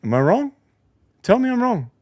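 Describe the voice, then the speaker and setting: A man's voice: extremely high pitch, very animated, normal speed, a little mellow, no echo. A man hosting a post-game basketball show, ranting in a heated, profane way. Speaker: podcast host. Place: home basement studio.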